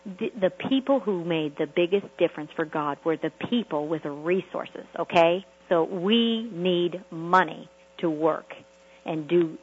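A woman's voice: lowish voice, a little slow, breathy edge, narrow, tinny audio. A woman preaching a motivational sermon to a group call, emphatic and repetitive, full of rhetorical questions. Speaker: prosperity preacher.

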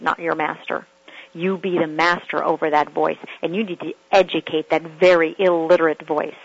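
Motivational woman coach, earnest and questioning, slightly breathy tone over a muffled radio recording. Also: low voice. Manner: earnest, repeats rhetorical questions. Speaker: personal coach. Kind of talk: motivational teaching talk.

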